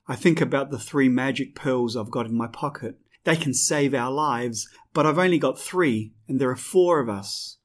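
A man giving slow, clear first-person scripted audiobook narration. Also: medium pitch.

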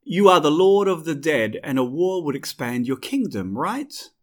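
A man's voice: fairly high pitch, sing-song, moderate pace, voice pushed up. A man voicing a defiant, brave teenage demigod boy who speaks in an earnest, pleading way.

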